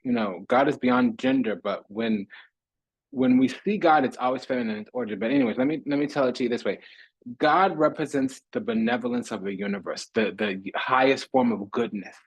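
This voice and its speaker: A man's voice: medium pitch, brisk, slightly rough, dry recording, poor audio. A man giving a spiritual tarot reading monologue, preaching in repetitive, rhythmic lists. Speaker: tarot reader.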